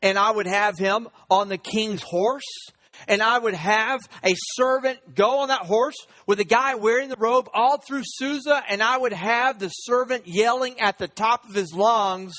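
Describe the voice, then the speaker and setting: A man's voice: high-pitched, measured pace, sharp tone. A man preaching a sermon, retelling a story and acting out the characters' lines. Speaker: pastor.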